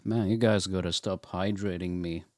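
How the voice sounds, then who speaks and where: A man's voice: low voice, steady tone, normal speed, no echo, clean studio sound. A young man hosting a casual reaction livestream, laid-back, swearing casually and laughing often. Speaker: livestream host. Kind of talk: casual reaction-stream chat.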